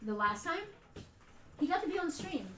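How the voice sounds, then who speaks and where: A woman's voice: very high voice, very animated, fairly quick, bright, forceful tone, a little hiss or hum. A woman hosting a casual livestream giveaway from a toy store, chatty and giggly, with blunt outbursts. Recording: roomy echo, a bit far from the mic.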